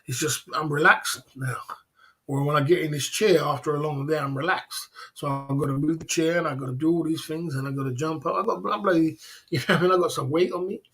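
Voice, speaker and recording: Man, livestream host, casual teasing banter, rambly, slightly high voice. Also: fairly quick, a bit bright.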